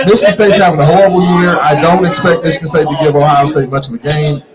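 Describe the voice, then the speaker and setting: Opinionated sports host, bar crowd. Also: male voice, fairly high pitch, fast talker. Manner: animated, opinionated, repeats words when fired up. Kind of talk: casual sports talk. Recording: live in a noisy bar crowd. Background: bar crowd chatter.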